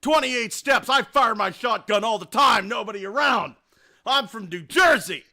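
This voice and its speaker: A man voicing a loud, overexcited male home insurance inspector who shouts, swears and gushes. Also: sits high, normal speed. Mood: boastful.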